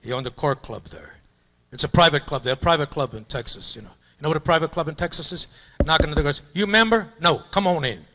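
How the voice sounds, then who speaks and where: A man's voice: fairly high pitch, fast, bright, forceful tone, a little hiss or hum. An older man, a comedian, telling rambling stand-up stories in an auditorium. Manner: loose, rambling storyteller slipping into mock-opera singing and funny voices. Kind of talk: stand-up storytelling. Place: high school auditorium.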